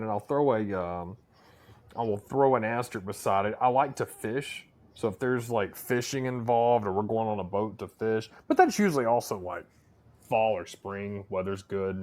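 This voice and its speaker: A relaxed man on a casual podcast drawls his opinions, dropping "man" and "dude" into nearly every thought. His pitch rises and falls freely as he talks. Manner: laid-back, uses "man" and "dude" a lot. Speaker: podcast co-host.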